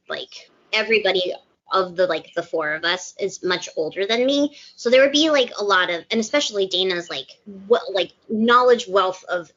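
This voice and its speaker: Bubbly animated woman, lo-fi sound. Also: medium pitch. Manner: bubbly, animated storytelling with gasps and laughs. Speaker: guest actress. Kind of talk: casual podcast chat. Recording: dull lo-fi sound.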